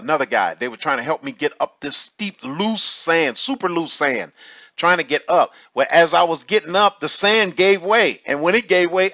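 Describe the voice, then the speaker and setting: Animated man telling a lively testimony. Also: fairly high pitch, dry recording, lo-fi sound. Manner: animated storytelling, laughs often, many restarts. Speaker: testimony vlogger. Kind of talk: casual spoken testimony.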